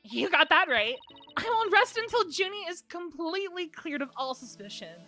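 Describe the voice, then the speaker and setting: A woman voicing an upbeat, confident young woman lawyer in a game, reading her lines brightly. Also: very high voice, very animated, normal speed, soft background music, pitched above the performer's own voice, heavily acted. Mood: cheerful.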